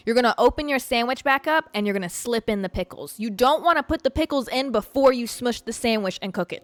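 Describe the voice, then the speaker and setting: A woman hosting a podcast in casual chat, brash and excitable, swearing freely. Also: medium pitch, no room sound. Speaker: podcast host.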